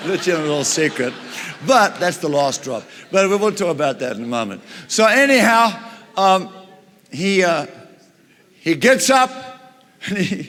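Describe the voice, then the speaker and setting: Male preacher, storytelling sermon, chuckling, animated, higher voice, long reverb.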